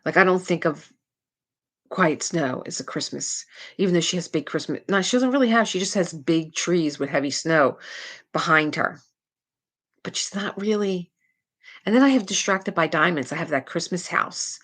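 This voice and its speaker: A woman's voice: on the low side, lively intonation, moderate pace, fairly bright tone. A middle-aged woman hosting a casual live stream, chatty and rambling, laughing often between stories and peppering her talk with "like". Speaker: livestream host. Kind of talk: casual chat to a live chat audience.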